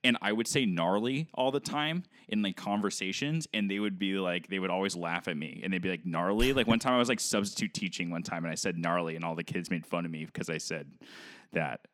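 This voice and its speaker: A man's voice: low-pitched, a little fast, a bit bright, no room sound. A man from Southern California chatting casually as co-host, rambling with lots of "like" and beach slang. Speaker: podcast co-host. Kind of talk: casual chat.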